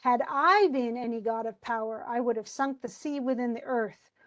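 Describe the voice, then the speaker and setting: A woman voicing a gentle, grieving young woman as she reads a quote from a play aloud, with a soft pleading tone. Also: on the high side, normal speed, natural voice.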